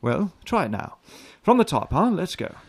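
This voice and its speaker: Guy doing a fussy radio director, gravelly, swoops up and down, lots of ums. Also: fairly high pitch, sing-song, normal speed, full character voice. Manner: hesitant, full of ums and restarts. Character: fussy radio drama director, male, adult. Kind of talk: radio drama acting.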